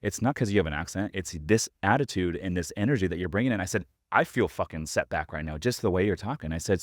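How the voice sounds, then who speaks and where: A man's voice: sits low, no room sound, studio quality. A man hosting a podcast, telling a story in a rambling way with lots of fillers. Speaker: podcast host. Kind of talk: casual interview conversation.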